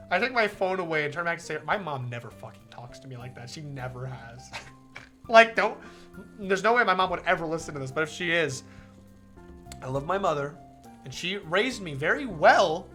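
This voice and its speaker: A man's voice: on the high side, a bit bright. A young man streaming a visual novel, chatting casually, laughing often and swearing freely. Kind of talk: casual live-stream commentary.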